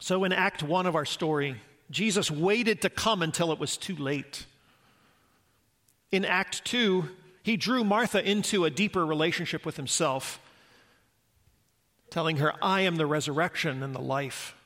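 A man's voice: high-pitched, measured pace, pauses often, a bit bright. A man preaching a sermon as a pastor, earnest and reflective, posing rhetorical questions to the congregation.

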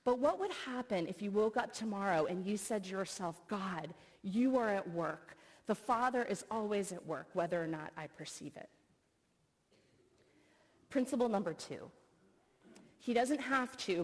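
A middle-aged woman, a professor, giving an earnest sermon full of personal stories and expressive retelling. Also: mid-range voice, husky. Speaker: speaker, professor. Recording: long reverb of a hall.

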